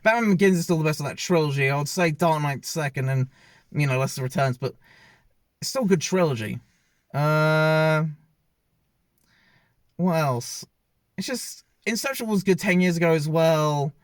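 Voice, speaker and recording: A man's voice: on the high side, normal speed, pauses often, dry recording. A man giving a casual, opinionated film review, rambling and often correcting himself mid-sentence as he films himself. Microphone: self-filmed camera.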